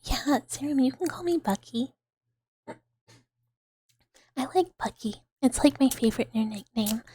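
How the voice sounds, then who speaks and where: A woman in her thirties hosting a whispered ASMR livestream, breathy and giggly, rambling as she greets chat on a close mic. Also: high-pitched, animated, a little slow, dark tone, no echo. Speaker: ASMR streamer.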